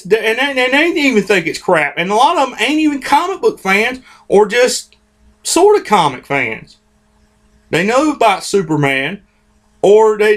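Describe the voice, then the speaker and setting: High-voiced man on a heated rant. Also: sing-song, moderate pace, a bit bright. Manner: heated, repetitive, informal, restarts phrases often. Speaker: host of a comics commentary channel. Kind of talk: opinionated vlog rant.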